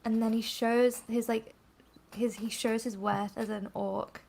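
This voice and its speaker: A woman's voice: a little high, level tone, unhurried, gravelly, darkish tone. A woman co-hosting a casual live stream, wry and playfully dry. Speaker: co-host.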